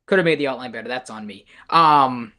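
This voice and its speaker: A man's voice: medium pitch, brisk, pushed and bright. A young man co-hosting a sports podcast, rambling and correcting himself as he chats casually. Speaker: podcast co-host.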